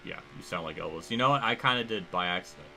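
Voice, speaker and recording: A man's voice: low voice, lively intonation, fast talker, sharp tone, slight background noise. A man livestreaming a sim-racing game, commenting casually and rambling, restarting his sentences and swearing now and then. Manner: rambling, casual, thinks aloud with frequent restarts.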